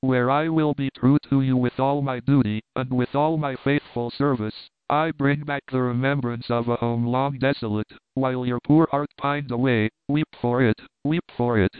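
A man's voice: mid-range voice, fairly even intonation, normal speed, hardly any pauses, smooth, no echo, lightly acted. A man reading the lines of a devoted young woman, earnest and pleading, heard over a tinny phone-like line. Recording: dry tinny phone-like sound.

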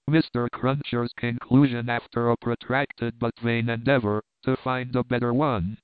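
A man narrating a classic novel aloud in a measured, even reading. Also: mid-range voice, clean tone, dry recording. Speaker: audiobook narrator. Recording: dry, phone-like narrow sound.

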